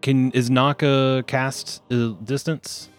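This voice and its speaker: A young man running a tabletop game as game master, teasing the players and slowing down for dramatic description. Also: medium pitch, level tone, faint music behind.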